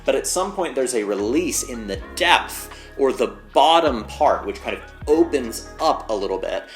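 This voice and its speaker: A man's voice: mid-range voice, expressive, moderate pace, soft background music. A man teaching singing, explaining vocal anatomy step by step and leaning on the word "basically".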